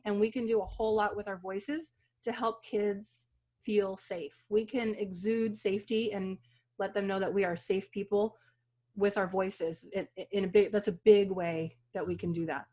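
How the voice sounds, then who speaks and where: A woman's voice: medium pitch, normal speed, darkish tone. A woman who works as a mental health clinician, co-presenting a training in an earnest, conversational way.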